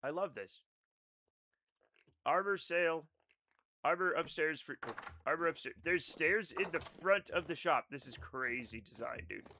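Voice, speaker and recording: A man's voice: on the high side, measured pace, pauses often, bright, forceful tone, a little hiss or hum. A young man streaming a game, chatting casually and sarcastically with his chat and swearing now and then. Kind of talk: casual chat reading live chat while gaming.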